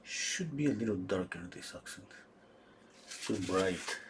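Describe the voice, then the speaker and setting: A man giving a live painting demonstration, thinking aloud in a halting way with frequent restarts. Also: on the low side, lively intonation, background noise. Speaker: painting instructor.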